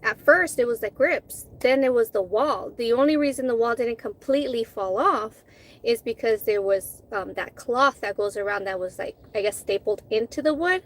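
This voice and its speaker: A woman in her thirties chats to camera while eating, her voice sitting a little high. She talks candidly and heatedly, swears freely, and restarts her sentences often as she tells a story. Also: normal speed. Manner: chatty, with many restarts and fillers. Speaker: food vlogger. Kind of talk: casual chat while eating.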